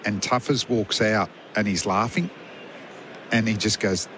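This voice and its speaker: A middle-aged man, a former fast bowler as expert radio commentator, telling rambling anecdotes. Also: fairly low pitch, steady tone, background noise. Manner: chatty, rambling anecdotes with fillers.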